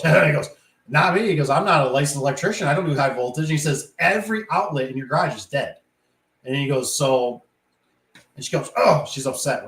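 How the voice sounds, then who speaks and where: A man who installs garage doors, telling work stories in a casual, rambling way and acting out the voices in them. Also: medium pitch. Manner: rambling, animated, acts out quoted voices. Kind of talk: casual storytelling monologue. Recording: echoey room.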